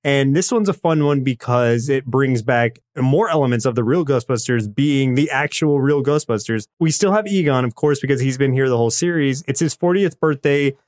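A man co-hosting a casual podcast, recapping episodes in a relaxed, explanatory way. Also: mid-range voice, moderate pace, few pauses. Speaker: podcast co-host. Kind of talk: casual chat.

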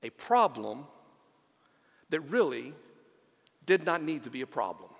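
A man preaching a sermon in a chatty, storytelling way, with frequent ums and uhs. His voice sits notably high, and the long reverb of a big church hall trails after each phrase. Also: very animated, unhurried, vocal fry, husky. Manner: conversational, storytelling, many fillers. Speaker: senior pastor.

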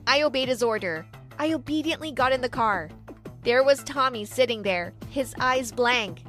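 High-voiced young woman narrating a story. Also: animated, moderate pace, fairly bright tone, faint music behind. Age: young adult. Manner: dramatic storytelling. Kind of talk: scripted first-person story narration.

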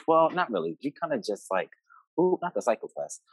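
A man guest on a podcast, telling a personal story in a relaxed, hesitant way. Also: on the high side, brisk, breathy edge, no room sound, rough recording. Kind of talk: casual chat.

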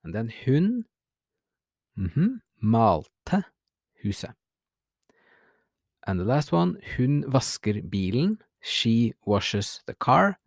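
Guy teaching grammar, gravelly voice, takes it slow and clear. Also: medium pitch, big pitch swings, dry recording, studio quality. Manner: slow and clear, modelling example sentences. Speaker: language teacher. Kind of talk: language lesson.

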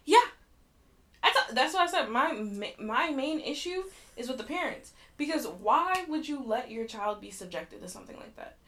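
Blunt, lively young woman co-host. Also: high voice, moderate pace. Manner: blunt, outspoken, swears freely. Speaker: podcast co-host. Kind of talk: casual chat.

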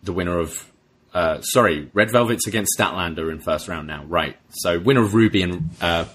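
A man with a husky voice co-hosting a podcast, chatting casually in a dry, matter-of-fact way. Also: sits low, normal speed, a bit bright, a little hiss or hum. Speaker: podcast co-host. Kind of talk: casual wrestling recap chat.

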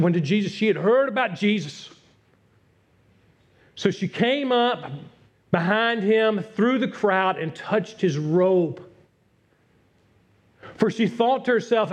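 A middle-aged pastor delivers an earnest sermon, his voice sitting a bit high for a man. He swings between hushed, confiding passages and louder pushes. The recording is dull and lo-fi. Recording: dull lo-fi sound.

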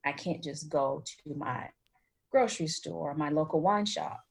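A woman from the United States answers interview questions as a wine expert. Her voice sits low with a husky, breathy edge. She tells her stories animatedly and drifts into tangents. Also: unhurried. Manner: animated storyteller, chatty with tangents.

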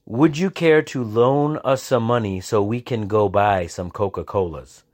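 A man voicing a smooth-talking male highway cop who angles for a bribe, friendly and coaxing with bits of Spanish. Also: a little slow, darkish tone, dry recording, natural voice.

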